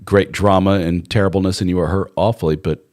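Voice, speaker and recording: Very deep-voiced man hosting a live chat. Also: fairly even intonation, fairly quick, a little mellow. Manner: rambling and conversational with fillers, reads out viewer comments. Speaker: relationship coach and live-stream host. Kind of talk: casual live chat answering viewer comments.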